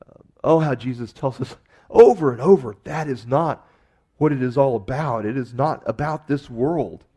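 A male pastor delivers a sermon in a relaxed, conversational way. His voice is mellow and dark, and his pitch sits in the middle. He lifts and presses on key phrases for emphasis. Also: breathy edge. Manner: conversational preaching with emphatic rises.

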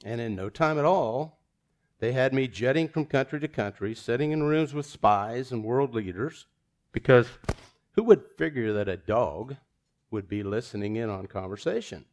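A man's voice: mid-range voice, expressive, moderate pace, darkish tone, natural voice. Brief: talking dog, old braggart, casual and easygoing, voiced by a man in mid-sermon. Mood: boastful. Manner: matter-of-fact storytelling boasts. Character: boastful retired male spy dog, tall-tale teller.

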